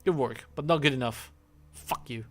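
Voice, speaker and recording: A man's voice: medium pitch, normal speed, soft background music. A man streaming a game, chatting casually, thinking aloud and swearing now and then. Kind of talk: casual gameplay commentary.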